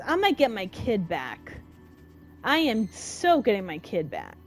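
A young woman giving emotional, dramatic let's-play commentary in casual slang, reacting loudly to what happens in the game. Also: a little high, huge pitch swings, slow pace, faint music behind. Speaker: gamer.

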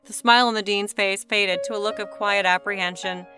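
A woman narrating a story aloud in a smooth, measured storytelling style. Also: medium pitch, steady tone, music in the background. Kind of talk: scripted narration.

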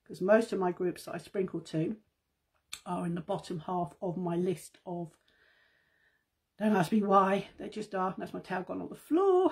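A middle-aged woman hosts a casual live stream from her phone at home. Her voice is husky and a little breathy. She chats in a loose, rambling way full of asides and keeps calling her viewers guys. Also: mid-range voice, lively intonation, unhurried, long pauses. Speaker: makeup seller and host.

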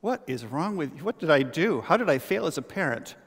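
A man's voice: a little high, very animated, brisk, husky, heavily acted. A man voicing an exasperated, sarcastic elderly queen in a sermon anecdote, with long church reverb.

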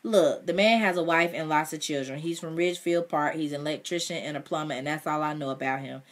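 Woman reading as a flat, evasive young brother. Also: low voice, quick pace, lightly acted. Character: young man, reluctant flat-voiced brother.

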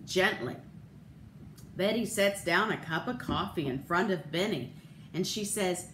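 Woman pastor, sermon, slow, lively pitch, echoey sanctuary, faint ambience. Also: a little hiss or hum. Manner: storytelling, expressive.

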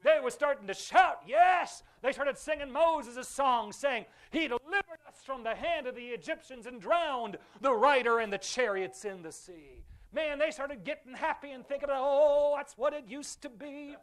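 A man's voice: very high-pitched, expressive, normal speed, few pauses, fairly bright tone. A man pastor preaching a fervent sermon in a church, calling on the congregation to repeat after him. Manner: fervent preaching with call-and-response. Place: church sanctuary.

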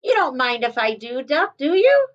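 A woman's voice: sits high, sing-song, moderate pace, no room sound, lo-fi sound. A woman voicing a friendly, eager female cow in a storybook reading.

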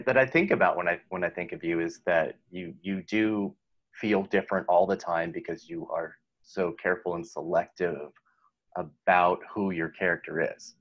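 Interviewer, man, very low voice, admiring and halting, muffled recording. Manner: admiring, hesitant with restarts.

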